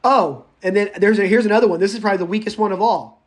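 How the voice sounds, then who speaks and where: A man teaching a public speaking class, lecturing live in a chatty, animated way, talking to students by name and going off on tangents. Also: high voice, fast. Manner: goes off on tangents.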